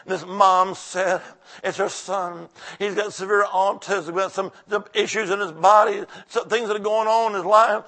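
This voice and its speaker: A male preacher delivering a revival sermon, calling out to the congregation and telling a healing story, shifting between shouted exclamations and hushed narration. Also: high-pitched, steady tone, normal speed. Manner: exuberant, call-and-response, drops to soft storytelling.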